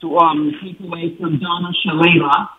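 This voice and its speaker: A woman's voice: fairly low pitch, fairly even intonation, normal speed, phone-quality sound, a crowd in the background. A woman from the United States speaking as a congresswoman in a phone interview, earnest and emphatic. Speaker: congresswoman, guest.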